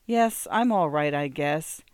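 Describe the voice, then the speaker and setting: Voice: mid-range voice, animated, takes it slowly, clean tone, no echo. A reader voicing a weary, worn-down wife. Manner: tired, plaintive confiding.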